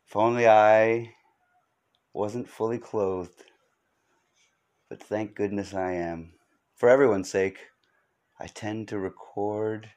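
A man's voice: on the low side, a little mellow. A man hosting his own podcast, rambling through a comic monologue in a joking, self-mocking, sarcastic way. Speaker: podcast host.

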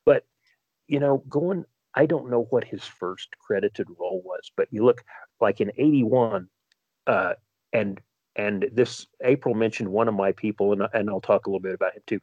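A man's voice: fairly low pitch, normal speed, slightly rough, dry recording, phone-quality sound. A man co-hosting a podcast, rambling through stories in casual chat and often restarting his sentences. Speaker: podcast co-host.

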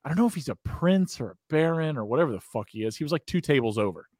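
Speaking fast and animated, this American podcast host from the United States has a voice on the high side with a darkish tone. He tells a long, rambling, profane story in casual chat, frequently cracking up, recorded with clean studio sound and no room noise.

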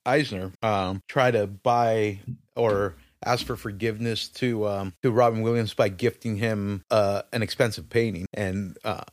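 A man's voice: fairly low pitch, fairly even intonation, a little slow, no room sound, clean studio sound. A man co-hosting a casual podcast chat, blunt and swearing casually. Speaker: podcast co-host.

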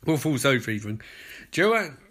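A British man hosting a podcast, giving an excitable, sarcastic, sweary running commentary on a show. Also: medium pitch, moderate pace. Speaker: podcast host.

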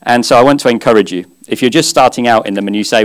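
A male preacher delivers a sermon in an earnest, conversational way. His pitch sits in an ordinary middle range, and he lightens the message with gentle humor. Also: fairly quick, few pauses. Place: church service.

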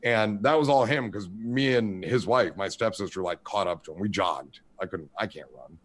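A man's voice: on the low side, moderate pace. A man in his forties telling rambling, profane stories in casual chat, acting out the people in them. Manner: rambling, profane storyteller, animated voices in quotes. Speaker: podcast host.

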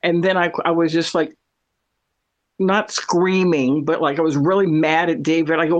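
Woman, middle-aged, casual chat, animated storytelling, frequent laughter. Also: deep voice, normal speed. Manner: chatty, animated storyteller who laughs often. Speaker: cat owner telling a story.

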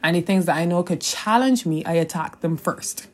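A young woman in her twenties with a Caribbean English accent talks through her solo podcast in a loose, rambling monologue. Her voice sits a little low, and she drifts off topic, swears freely and laughs along the way. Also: moderate pace. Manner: chatty, digressive, swears freely, laughs often. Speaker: podcast host.

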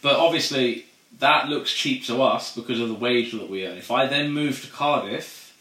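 A man's voice: mid-range voice, normal speed, pushed and bright, roomy sound, recorded from a distance. A man from co-hosting a casual banter podcast, talking bluntly and swearing freely. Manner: blunt, swearing, mimics others in quotes. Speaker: podcast co-host.

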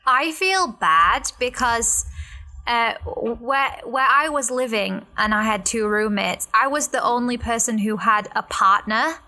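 A woman's voice: fairly high pitch, a little slow, bright, forceful tone. A woman chatting casually, frank and joking, often agreeing with "yeah". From Britain. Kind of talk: casual chat.

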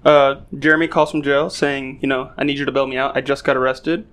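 A man's voice: mid-range voice, flat delivery, fast, a bit bright. A young man co-hosting a podcast, playful and laughing as he talks in casual chat. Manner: playful, laughs while talking. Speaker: podcast co-host.

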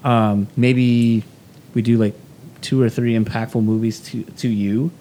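Male co-host with a warm, low-key timbre who is hesitant and thinks aloud. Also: level tone, measured pace, slight background noise. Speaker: podcast co-host. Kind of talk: casual chat among friends.

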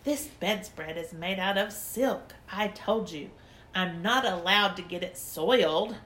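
A woman voicing a bossy, prissy little girl who scolds in a shrill, prim voice. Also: a little slow, fairly bright tone, slight background noise, close to an everyday voice.

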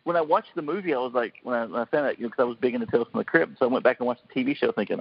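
In a very fast, gravelly, mid-range voice with a breathy edge, a man in his forties barrels through stories with hardly any pauses, acting out the voices he quotes. He's a panelist on a casual podcast roundtable; there's no echo, and the audio is dull and lo-fi.

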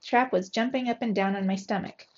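A woman's voice: medium pitch, brisk, highs cut off. Woman reading a storybook aloud. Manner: lively expressive read-aloud narration.

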